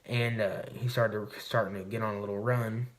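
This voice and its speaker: Rambling, profane man with a lowish voice. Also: steady tone, moderate pace. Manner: rambling and profane, recounting a hunt. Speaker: vlogger. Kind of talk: casual storytelling to camera.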